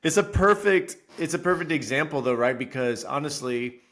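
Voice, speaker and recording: Brief: man, thirties, podcast co-host, animated storyteller who acts out his own lines. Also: a little high, moderate pace. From Florida resident. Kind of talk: casual podcast chat.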